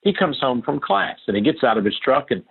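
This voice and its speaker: Older man, husky phone-line voice. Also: mid-range voice, big pitch swings, brisk. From Appalachia. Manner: earnest, emphatic, repeats key phrases. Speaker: guest. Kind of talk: interview answers, storytelling.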